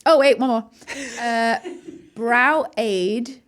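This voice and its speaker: A woman's voice: fairly high pitch, drawn-out words. An English woman, a make-up artist guest on a podcast, chatting casually with enthusiastic, rambling lists of favourites. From England. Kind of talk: casual chat.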